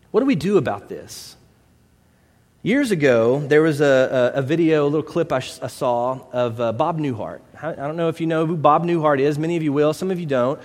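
A man's voice: fairly high pitch, a little mellow. A man preaching a conversational sermon, asking rhetorical questions and telling stories. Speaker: pastor. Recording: long hall reverb.

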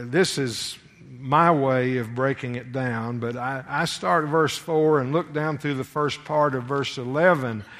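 Man preaching bible study, slow and a bit high voiced, gets louder on the verses, lots of uhs. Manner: reads verses aloud with rising emphasis, halting with fillers when explaining. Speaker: preacher teaching scripture. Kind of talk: sermon, Bible teaching.

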